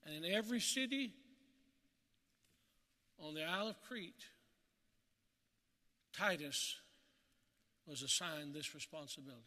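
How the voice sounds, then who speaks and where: Man preaching from the heart, very bright voice, long hall echo. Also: fairly high pitch, a little slow, long pauses. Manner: heartfelt, emotional pleading. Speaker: pastor. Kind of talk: sermon.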